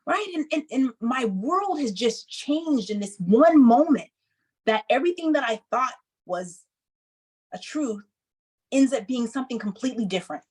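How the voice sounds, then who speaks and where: A woman in her thirties telling a personal story to an audience, acting out the people she quotes with lively emphasis. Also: high-pitched, moderate pace, breathy edge, poor audio. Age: 30s. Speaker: speaker.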